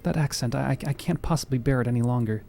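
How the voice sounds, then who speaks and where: A man's voice: medium pitch, fast, vocal fry, mellow, faint music behind. A man streaming a video game, joking about his own reading of the dialogue. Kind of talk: casual gameplay commentary, reading game dialogue aloud.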